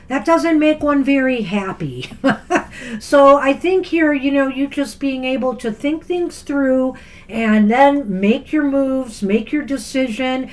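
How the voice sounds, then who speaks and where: A woman co-hosting a live tarot reading, chatting casually, laughing often and rambling with fillers. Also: high voice. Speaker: tarot reader co-host.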